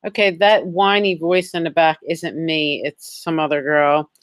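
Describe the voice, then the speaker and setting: A woman's voice: low-pitched, steady tone, moderate pace, clean tone, dry recording. A woman adding voice-over commentary, explaining in a slightly exasperated way. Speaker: video commentator.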